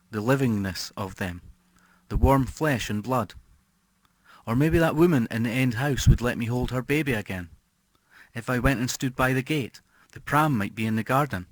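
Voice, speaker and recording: Man reading horror in a hushed, brooding voice. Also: mid-range voice, no echo. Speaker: audiobook reader. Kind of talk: scripted horror narration.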